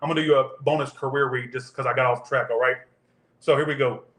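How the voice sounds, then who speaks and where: A man's voice: medium pitch, fairly even intonation, quick pace, fairly bright tone, echoey room. Rambling, profane male tarot reader. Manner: rambling, profane, tangent-prone storytelling. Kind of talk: casual tarot reading monologue.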